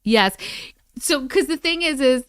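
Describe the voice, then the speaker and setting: A woman's voice: high-pitched, measured pace, dry recording, clean studio sound. A woman with an Oklahoma accent hosting a casual livestream, venting with lots of swearing and laughter while reading viewer chat. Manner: animated, exasperated venting with frequent swearing and laughter.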